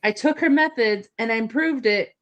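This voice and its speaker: A woman's voice: a little high, normal speed, a bit bright, highs cut off. A woman guest on a live stream, chatting casually and telling stories in a playful way. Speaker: guest artist. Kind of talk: casual chat.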